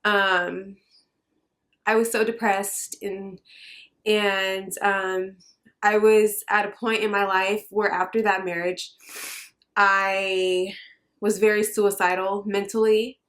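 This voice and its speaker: A young woman speaks to her viewers in a heartfelt personal vlog. She is earnest and halting, and she pauses often with fillers. Her voice has a middle pitch and sits near tears. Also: level tone, a bit bright. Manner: earnest, hesitant with many fillers. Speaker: vlogger.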